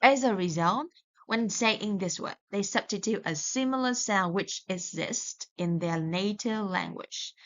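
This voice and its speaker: A woman with a mid-range voice teaches English pronunciation at an unhurried, careful pace. She often stops to correct herself. The recording sounds a little dull and lo-fi. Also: mid-range voice. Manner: slow and deliberate, with self-corrections. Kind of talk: recorded lesson.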